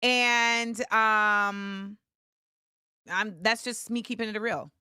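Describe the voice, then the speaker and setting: A woman hosting a live show, chatting casually with viewers and shouting them out with bursts of excitement. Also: medium pitch, very slow, clear, resonant tone, no room sound, studio quality. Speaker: livestream show host.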